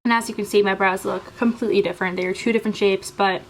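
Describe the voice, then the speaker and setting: A woman's voice: medium pitch, fairly even intonation, brisk, slight background noise. A young woman talking through her makeup routine step by step, casual and chatty, with frequent fillers. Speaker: beauty vlogger. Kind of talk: makeup tutorial voice-over.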